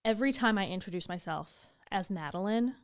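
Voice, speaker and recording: Animated young woman telling a story. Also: medium pitch, fairly quick. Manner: animated storytelling, acting out quotes, swearing. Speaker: podcast co-host. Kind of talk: casual chat.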